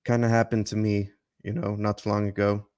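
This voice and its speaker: A man's voice: lowish voice, flat delivery, a little fast, a little mellow, clean tone. An easygoing man in a casual chat who often reacts with short interjections.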